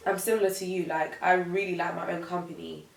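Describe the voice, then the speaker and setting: A woman's voice: lowish voice, quick pace, roomy sound, far from the mic, low-quality recording. A woman in her twenties, a guest chatting casually and reflectively, with lots of fillers. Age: 20s. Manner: relaxed, reflective, uses many fillers. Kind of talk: casual chat.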